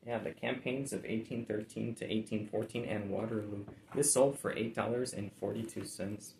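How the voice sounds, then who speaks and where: A man's voice: lowish voice, steady tone, normal speed, vocal fry, echoey room, background noise. A man chatting casually about items he has sold, laid-back and rambling with lots of fillers. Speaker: reseller showing sold items. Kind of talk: casual chat.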